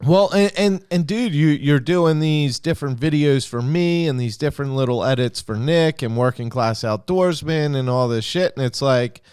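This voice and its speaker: A man hosting a podcast in casual chat, excitable and heavy on profanity. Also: fairly high pitch, moderate pace, few pauses, smooth, no room sound, clean studio sound. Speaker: podcast host.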